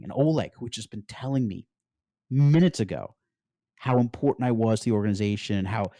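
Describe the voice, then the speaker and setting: A middle-aged man from the United States, a podcast guest recounting his story in an animated way and often saying "like". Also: on the low side, dry recording, studio quality. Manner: animated storyteller, peppers speech with "like". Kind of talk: storytelling interview.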